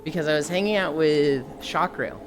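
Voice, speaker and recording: A woman streamer chatting casually, laughing often and acting out quoted lines with lively changes of voice. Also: sits low, moderate pace, music in the background. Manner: animated, laughing, acts out quotes. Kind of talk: casual chat. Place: VR chat stream.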